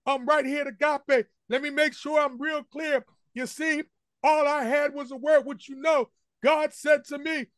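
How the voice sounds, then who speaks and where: A man's voice: extremely high pitch, steady tone, moderate pace, fairly bright tone, no room sound, studio quality. A man preaching a sermon as senior pastor, emphatic and repetitive, addressing his congregation directly. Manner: emphatic call-and-response preaching with repeated refrains. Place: church sanctuary.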